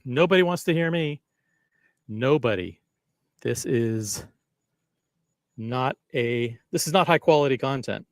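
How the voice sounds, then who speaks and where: A man's voice: medium pitch, lively intonation, measured pace, pauses often, no echo, studio quality. A man hosting a casual live stream, rambling and self-deprecating as he chats with viewers. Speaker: livestream host.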